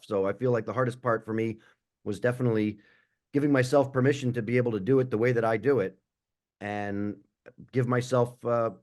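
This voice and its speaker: A man speaks on an online grief panel in an earnest, reflective way. His voice sits at an ordinary middle pitch. He winds through his thoughts and lets the ends of his sentences fade. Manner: earnest, reflective, trails off quietly. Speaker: panelist, comedian and podcaster.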